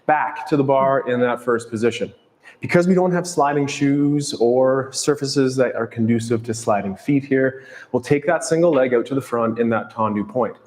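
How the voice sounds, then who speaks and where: A man leading a follow-along ballet barre and strength workout, calmly counting and cueing each movement. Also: mid-range voice, normal speed, big-room sound. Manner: calm, steady cueing with counts. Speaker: fitness instructor.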